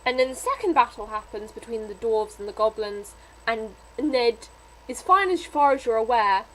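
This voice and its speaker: A woman's voice: fairly high pitch, expressive, normal speed, a bit bright, slight background noise, rough recording. A young woman reviewing a book in a casual vlog, rambling with many fillers and getting emotional. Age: young adult.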